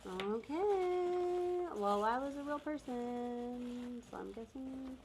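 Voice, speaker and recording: A woman's voice: high-pitched, takes it slowly, a little mellow, a little hiss or hum. An American woman co-hosting a live giveaway stream, bubbly and laughing often, calling out the winners. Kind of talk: casual live-stream chat.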